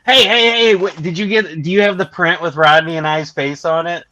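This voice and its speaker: Bright-voiced man teasing his co-host. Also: fairly high pitch, fairly quick, no room sound. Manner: teasing, crude jokes. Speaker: podcast co-host. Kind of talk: casual comedic chat.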